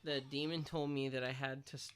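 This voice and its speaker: A man co-hosting a podcast, rambling through an absurd deadpan mock apology. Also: mid-range voice, brisk, heavy background noise. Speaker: podcast co-host. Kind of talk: absurd comedy monologue.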